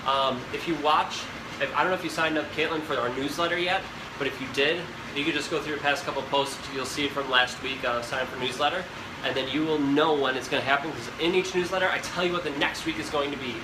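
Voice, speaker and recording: A young man hosting a live cooking stream talks fast in a voice a little higher than most men's, rambling and chatting directly to viewers. The recording comes from an echoey home kitchen where a fan hums clearly in the background.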